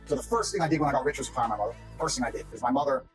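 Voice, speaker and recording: With faint music behind him, a man in archived interview clips races through stories about his family at medium pitch. His storytelling is blunt and brash, and he swears freely.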